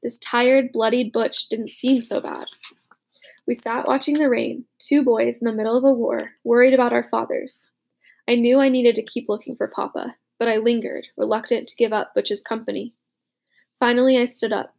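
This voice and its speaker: A woman narrating a chapter book in a measured, reflective way. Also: a little high, flat delivery, creaky, a little mellow. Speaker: audiobook narrator. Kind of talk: storybook narration.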